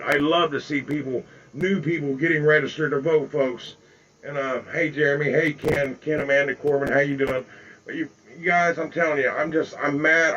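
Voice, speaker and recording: A man's voice: fairly high pitch, fairly bright tone, dull audio. An older man with four grandsons, ranting at his viewers in an angry, repetitive, folksy way and calling them folks. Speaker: political video blogger. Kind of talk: impassioned direct-to-camera rant. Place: home with flags in the background.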